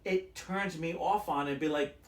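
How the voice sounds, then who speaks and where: His voice on the high side and his pace moderate, a podcast co-host tells rambling stories during casual chat, voicing the quotes of the people involved. The sound is roomy.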